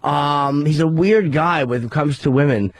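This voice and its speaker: A man's voice: on the high side, measured pace. A man co-hosting a radio talk show, telling stories in a crude, casual way. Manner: crude, laughing, storytelling. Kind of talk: casual chat.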